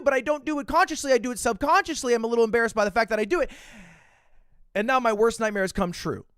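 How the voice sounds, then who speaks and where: A man's voice: high voice, fairly bright tone, no echo, studio quality. A young man, an online creator, telling a casual story with lots of self-mocking energy and frequent swearing.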